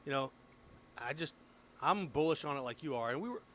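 A man hosting a sports radio show, leading the talk in a lively, joking way. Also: fairly high pitch, brisk, slight background noise. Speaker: radio host.

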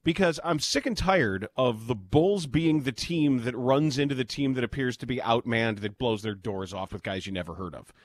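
A man's voice: mid-range voice, normal speed, few pauses, no room sound. A man hosting sports talk radio in a studio, bluntly ranting with exasperation. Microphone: studio mic.

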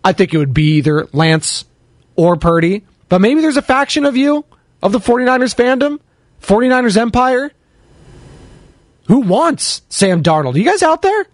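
A man hosting a sports talk show, chatting casually and jokily, shouting out callers and chat viewers. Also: very high-pitched, expressive, moderate pace, no echo, studio quality. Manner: chatty, jokey, shouts out listeners. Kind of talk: casual sports radio chat, taking calls and chat.

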